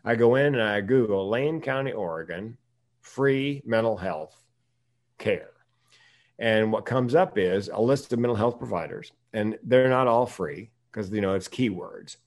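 A man's voice: fairly low pitch, unhurried. A man from the United States, a podcast guest, talking candidly in casual conversation and laughing often while telling stories.

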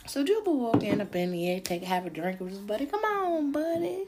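A woman's voice: mid-range voice, expressive, a little fast, very noisy. A woman hosting a podcast, chatting casually about crime-show gossip in a slangy, profane way with frequent asides to her listeners. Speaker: podcast host.

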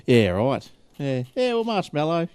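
Man, podcast host, mellow, dry close mic, chatty and rambling. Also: fairly high pitch, big pitch swings, measured pace, smooth, no echo. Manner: rambling, chatty, laughs often. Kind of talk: casual tech chat.

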